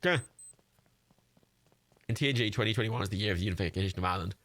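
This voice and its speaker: A man's voice: on the low side, racing, fairly bright tone, no echo. A young man with an English accent giving rambling, sweary let's-play commentary on a livestream and laughing often.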